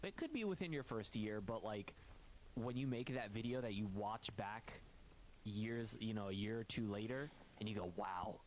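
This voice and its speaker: A man's voice: on the low side, moderate pace, low-quality recording. Young man, casual chat, rambling, fillers, faint background noise. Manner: rambling, filler-heavy, laid-back. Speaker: YouTuber co-host.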